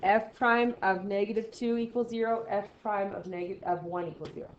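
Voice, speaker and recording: A woman's voice: medium pitch, steady tone, dull audio, a little hiss or hum. Casual woman teaching a math class. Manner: asks quick questions and answers them herself; casual and encouraging. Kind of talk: classroom lecture.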